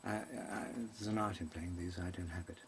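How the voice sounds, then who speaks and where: Here a man with a deep voice speaks at normal speed in fairly even intonation, a little hiss or hum present. The actor's comic webcam monologue rambles off course, halting with ums and repeated self-corrections in a mannered stage delivery.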